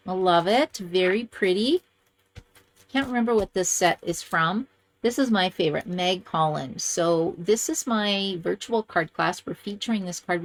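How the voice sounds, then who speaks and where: A woman in an average pitch hosts a card-making video and chats casually to her viewers. She gushes over each card and keeps up a warm, chatty flow of talk. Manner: gushing, chatty, lively swings in pitch. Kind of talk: casual chat showing cards to camera.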